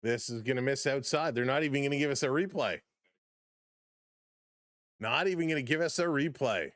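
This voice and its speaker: A man hosting a live baseball play-by-play stream, excitable on big plays, chuckling often and greeting chat viewers by name. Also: medium pitch, normal speed, no room sound, studio quality.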